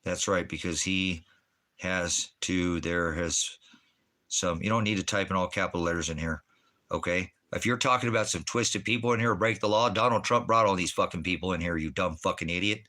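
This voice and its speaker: Deep-voiced and a little fast, with a sharp tone, a man streams live from Oregon. He goes through chat messages, swearing and ranting angrily at the viewers.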